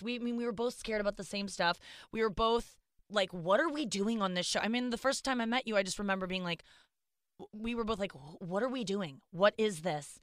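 Chatty woman hosting a podcast, smooth voice. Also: medium pitch, sharp tone, no room sound, clean studio sound. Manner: chatty, rambling, self-interrupting. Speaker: podcast host. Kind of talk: casual chat.

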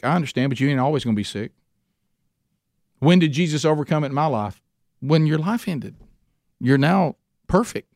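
A man's voice: medium pitch, fairly quick, long pauses, darkish tone, no room sound. Guy preaching, casual and folksy, keeps restarting and tossing in asides, dry close sound. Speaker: pastor. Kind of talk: sermon.

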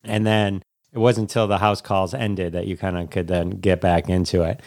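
Low-voiced eager male interviewer. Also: level tone, darkish tone, no echo, studio quality. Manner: enthusiastic, quick to laugh, prompting questions. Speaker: podcast host. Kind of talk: casual interview.

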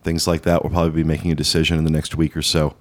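Male podcast host, very low voice, casual rambling promo chat. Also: little pitch movement, racing. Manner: rambling, many uh fillers, upbeat promo talk.

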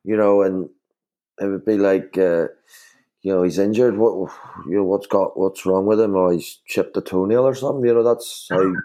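A man's voice: low-pitched, fairly even intonation, moderate pace, mellow. A man, a former footballer chatting casually as a guest and rambling with lots of fillers and restarts. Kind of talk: casual podcast chat.

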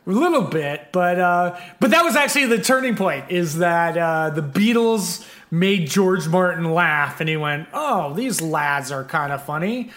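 Brief: chatty male podcaster, somewhat high voice, loose and meandering. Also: animated, a little slow, few pauses, a bit bright. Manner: rambling, many fillers, laughs easily. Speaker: podcast host. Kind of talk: casual chat.

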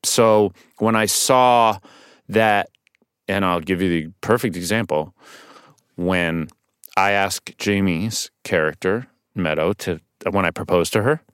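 A man guesting on a podcast as an actor, telling stories casually in a studio, animated and swearing now and then. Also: low-pitched, slow, clean tone, no echo. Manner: animated storytelling with restarts and swearing.

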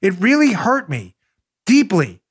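Indignant high-voiced New York-raised commentator. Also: male voice, wildly swooping pitch, husky. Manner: indignant, sarcastic, rapid rhetorical questions; swings to soft, confiding asides. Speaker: podcast host. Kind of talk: heated political commentary.

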